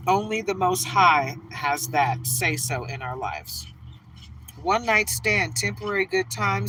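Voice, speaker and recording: Bright-voiced chatty woman reader. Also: sits low, far from the mic, a little hiss or hum, poor audio. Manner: chatty, laughs often, drifts into storytelling. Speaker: tarot reader. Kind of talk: casual reading and chat.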